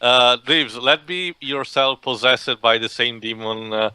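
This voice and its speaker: A man chatting casually during a game playthrough, quick with film references. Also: medium pitch, steady tone, a loud crowd. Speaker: co-commentator. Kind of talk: casual group chat over gameplay.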